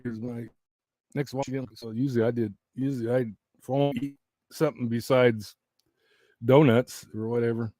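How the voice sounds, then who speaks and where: Here a medium-pitched, mellow male voice comes through with studio quality and no echo, the mic placed very close. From home, he runs a laid-back YouTube live chat, wandering off topic, restarting frequently, laughing, and sounding worn out.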